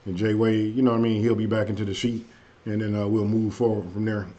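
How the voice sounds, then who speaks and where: A man hosting a casual live stream, chatting loosely with viewers and saying his energy is low tonight. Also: flat delivery, fast, warm tone. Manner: loose and conversational, frequent "hey" and "you know what I mean". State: a bit under the weather, low energy. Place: at home. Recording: dull lo-fi stream audio.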